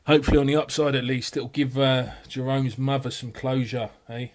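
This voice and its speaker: A man's voice: mid-range voice, level tone, fairly quick, lightly acted. A man voicing a smug adult man in a story game who got away with murder, politely mocking and falsely sympathetic. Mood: smug farewell. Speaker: game character. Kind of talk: scripted game voice acting.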